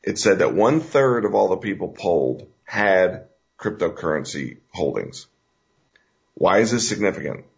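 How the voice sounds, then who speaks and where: A man's voice: sits low, very animated, unhurried, creaky. A man hosting a talk radio show, talking in an emphatic, folksy, rambling way with fillers. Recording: dull lo-fi radio recording.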